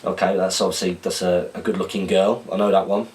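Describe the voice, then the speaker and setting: A man's voice: low-pitched, level tone, fast, hardly any pauses, a little mellow, recorded from a distance, poor audio. A man hosting a podcast alone, reading out viewer questions in a loose, rambling chat and correcting himself as he goes.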